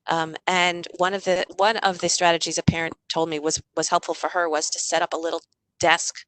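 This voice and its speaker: A middle-aged woman giving a parenting talk over a video call, chatty, often acting out what parents and kids say. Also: fairly low pitch. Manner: warm, conversational, acts out parent and child lines. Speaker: parenting author and workshop speaker.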